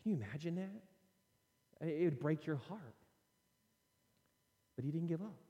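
Male preacher, slightly high and mellow, animated sermon delivery in a reverberant church hall. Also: a little slow, highs cut off. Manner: animated, conversational preaching with scripture readings.

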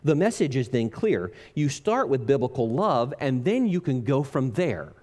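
Man preaching a sermon, earnest and measured, medium voice, slows right down on the big lines. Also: very animated, a little mellow. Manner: measured and earnest, slowing down and dropping low on key phrases.

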